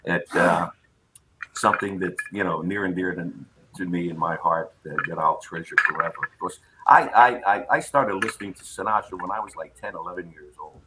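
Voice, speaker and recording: An older man, a guest entertainer, telling lively stories in a casual interview chat. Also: low-pitched, a little fast, background noise. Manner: lively storyteller, acts out voices in anecdotes.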